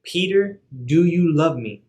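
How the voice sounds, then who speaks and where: A man voicing a calm, gentle Jesus. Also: a little high, a little slow, pitched above the performer's own voice. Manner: casual, modern everyday wording.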